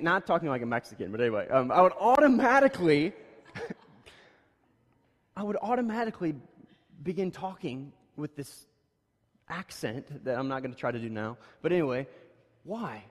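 A male preacher with a slightly high voice gives a relaxed, story-driven sermon. He drifts casually through anecdotes, then leans in louder to drive each point home. His voice carries the long reverb of a big church hall. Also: normal speed. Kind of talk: conversational sermon.

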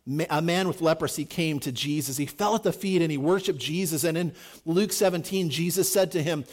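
A man preaching a sermon, lively, acting out the people in his stories with big swings in loudness. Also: brisk, hardly any pauses. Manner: animated, acts out quoted voices with big swings in pitch and volume. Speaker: pastor.

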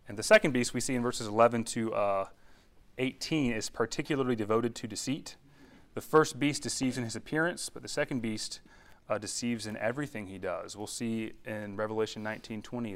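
Pria berkhotbah dengan gaya santai dan hidup. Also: male voice, on the low side. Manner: conversational, animated preaching with asides to the audience. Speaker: pastor. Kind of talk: sermon.

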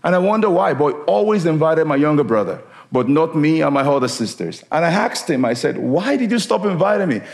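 A man's voice: on the high side, animated, fairly quick, creaky, hardly any pauses, darkish tone. A middle-aged man from Nigeria, preaching a sermon as a guest preacher in an upbeat, laughing style with call-and-response.

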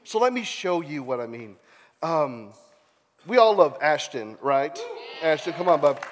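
A man's voice: a little high, sing-song, measured pace. A man preaching, reading scripture aloud with playful, self-mocking asides. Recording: long reverb of a large hall.

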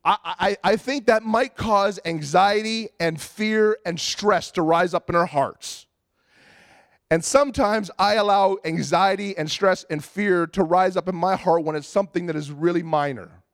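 Fervent high-voiced male preacher. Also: unhurried, no room sound, studio quality. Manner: storytelling, acts out his own prayers, builds to fervent shouting. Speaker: pastor. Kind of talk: sermon.

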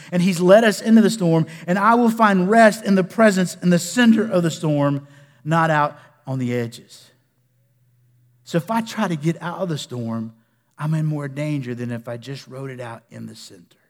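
A male pastor preaching a sermon in a folksy way, dropping to a hush and rising to loud bursts. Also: fairly high pitch. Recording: echoey hall with long reverb.

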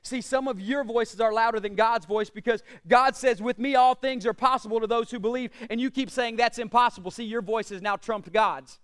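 A man preaching a sermon as pastor, asking the congregation questions and swinging between loud declarations and quiet asides. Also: very high-pitched, moderate pace, hardly any pauses, clear, resonant tone. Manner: preaching with rhetorical questions and call-outs to the congregation.

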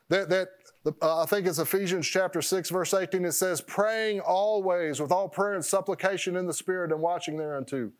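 A man preaching a sermon as pastor, rambling and repeating words, often stopping to laugh at himself. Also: high-pitched.

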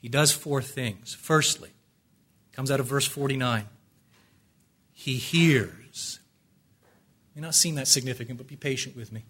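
A man preaching a sermon, swinging from loud, ringing declarations down to hushed, pleading near-whispers. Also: mid-range voice, steady tone, fairly quick, slightly rough.

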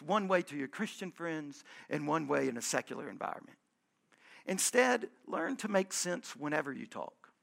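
A pastor preaching a sermon, earnest and conversational, repeating phrases for emphasis. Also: male voice, high voice, gravelly, a bit bright.

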